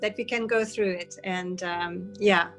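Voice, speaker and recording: A woman on a video call giving halting, grateful remarks. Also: fairly low pitch, fairly even intonation, a bit bright, soft background music. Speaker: meeting participant.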